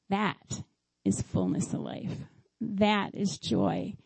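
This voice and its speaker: Slow, gravelly-voiced woman preacher. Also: medium pitch, sing-song, darkish tone, dry recording, rough recording. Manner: heartfelt, tearful at times. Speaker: speaker at a church service. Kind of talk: sermon.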